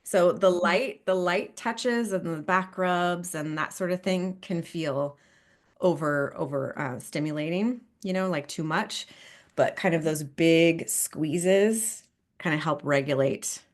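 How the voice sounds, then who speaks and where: Low-voiced woman therapist, chatty and laughing. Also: slow. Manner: chatty, laughs often, frequent "right?" and "you know". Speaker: couples therapist. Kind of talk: podcast interview.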